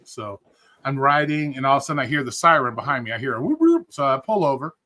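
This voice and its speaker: A man's voice: medium pitch, quick pace, sharp tone. A man telling stories on a live stream in a casual, blunt and profane way. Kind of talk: casual storytelling.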